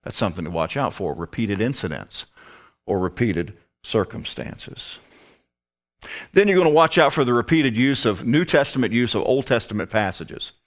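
A man's voice: medium pitch, big pitch swings, normal speed. A man teaching a Bible study, emphatic and prone to rhetorical questions.

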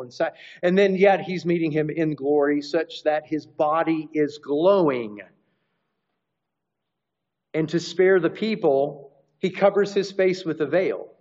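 A man preaching a teaching sermon, explaining scripture and restarting phrases as he goes. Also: high-pitched. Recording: dull lo-fi recording.

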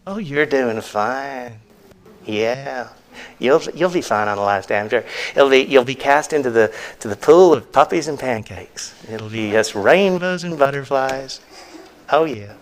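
A man voicing a smug male flatterer who offers soft, slow, mocking reassurance. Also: mid-range voice, natural voice.

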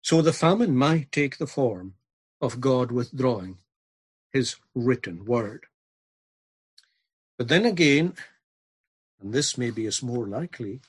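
Male preacher, husky timbre, earnest and emphatic. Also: medium pitch. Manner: earnest, building to emphatic repetition. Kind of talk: sermon.

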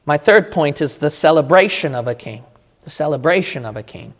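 A man preaching a sermon with passion, building from slow teaching up to shouting and crying out. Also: fairly high pitch, lively intonation. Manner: impassioned, rising to shouts and cries. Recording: long hall reverb.

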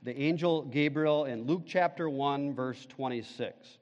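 A man's voice: medium pitch, measured pace, a little mellow, dull audio. Man preaching in a reverberant church. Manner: emphatic preaching, asks the congregation questions. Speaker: pastor. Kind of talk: sermon.

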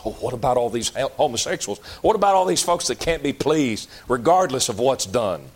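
Emphatic preacher man. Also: lively intonation. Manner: folksy, emphatic preaching with sudden loud outbursts and drops to low, slow asides. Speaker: pastor. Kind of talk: sermon.

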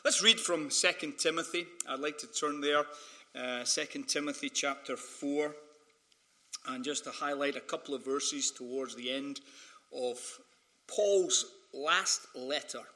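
A man's voice: a little high, a little slow, sharp tone. A Scottish man, a Christian minister, preaching a conference sermon and weaving humorous personal anecdotes into it. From Scotland. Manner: storytelling, humorous, mimics voices in quotes. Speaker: pastor.

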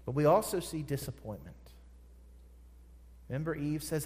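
Man preaching a sermon, fairly high voice, emphatic, repeats words for weight, big church hall. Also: expressive, normal speed, pauses often, darkish tone. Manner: emphatic, repeats phrases for stress. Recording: long hall reverb.

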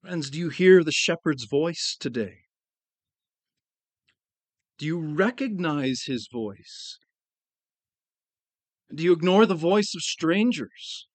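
Earnest pastor with a fairly high voice. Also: male voice, expressive, dry recording. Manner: earnest, slows down to stress key phrases. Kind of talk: sermon.

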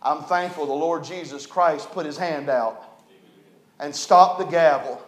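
A man preaching a folksy storytelling sermon, animated and building to emphatic preaching. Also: on the high side, measured pace. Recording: echoey room.

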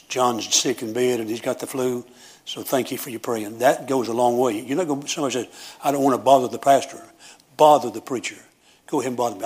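There's a breathy edge to this man's voice as he preaches his sermon in Southern pastor style, periodically rising to loud, shouted praise.

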